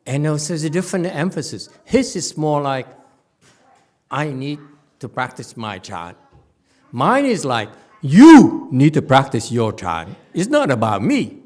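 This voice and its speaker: A man giving a Chan Dharma talk as a Buddhist meditation teacher, animated and teasing, laughing often. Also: high-pitched.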